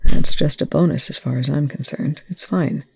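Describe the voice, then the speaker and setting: A reader doing a gruff, steady male commander. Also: fairly high pitch, normal speed, dry recording, heavily acted. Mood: reassuring. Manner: calm, gentle, reassuring.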